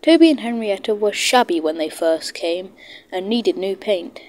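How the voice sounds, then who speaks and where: A woman reading a children's train story aloud, expressive and voicing every character herself. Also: mid-range voice, normal speed, slight background noise. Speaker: storybook narrator.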